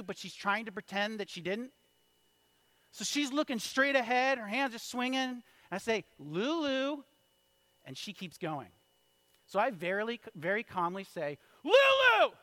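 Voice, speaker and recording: High-voiced man preaching a sermon. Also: moderate pace, no echo. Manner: storytelling with wide swings in loudness, from hushed to shouted. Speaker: pastor.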